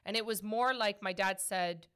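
Bright-toned woman, 30s, podcast host, chatty and lively. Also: mid-range voice, moderate pace, clear, resonant tone. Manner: chatty, animated, laughs often. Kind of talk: casual podcast Q&A chat.

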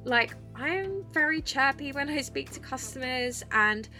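A young woman talks through her nights at work in a bubbly, chirpy monologue, unhurried and in no rush. Her voice is bright and forward, with faint music underneath. She swears freely and sounds loose and casual. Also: high-pitched, animated. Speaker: podcast host and club dancer.

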